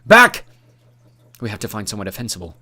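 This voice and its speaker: A man's voice: a little high, lively intonation, fast, pitched above the performer's own voice. A man reading an audiobook, voicing a worn-out young warrior leader who barks urgent orders. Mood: urgent, commanding. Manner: urgent, commanding, shouted orders. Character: tired, battle-hardened young man leader.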